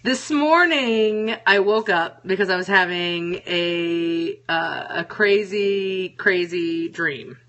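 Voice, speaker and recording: Bright, chatty woman host. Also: on the low side, slow, few pauses, dull audio. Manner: chatty and frank, swears freely. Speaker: show host. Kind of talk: casual solo chat, reading viewer comments.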